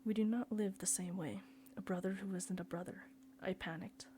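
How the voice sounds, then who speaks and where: A woman's voice: mid-range voice, steady tone, moderate pace, dark tone, a little hiss or hum, close to an everyday voice. A woman reading the part of a bewildered, anguished middle-aged father who pleads and defends himself.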